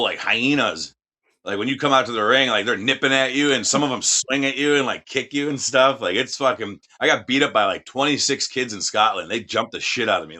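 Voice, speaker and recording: A man's voice: mid-range voice, pushed and bright. A man, a wrestler, chatting casually with a lot of swearing, rambling and acting out quotes. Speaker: professional wrestler guest. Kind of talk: casual profane chat.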